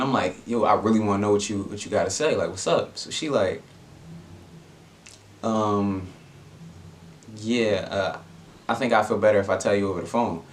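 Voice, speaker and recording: A young adult man telling a personal story in a casual vlog, laid-back and slangy, with lots of fillers. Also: fairly low pitch. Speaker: vlogger.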